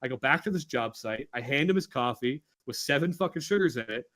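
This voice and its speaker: A young man co-hosting a podcast tells a story among friends in a medium-pitched voice at a brisk pace. He's animated, swears constantly, and acts out everyone's lines.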